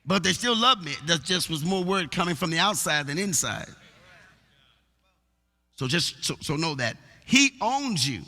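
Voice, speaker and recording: A male pastor preaching a sermon, repeating words as he builds, and rising into rhythmic sung shouts. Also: a little high, sing-song, measured pace. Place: church sanctuary. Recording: long reverb of a large church hall.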